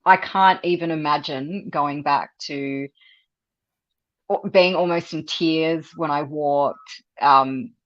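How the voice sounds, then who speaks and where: Australian woman guest, low voice, chatty and animated, slightly dull lo-fi sound. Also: slow, no room sound. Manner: animated, laughs often, repeats words when thinking. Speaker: interview guest. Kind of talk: casual interview conversation.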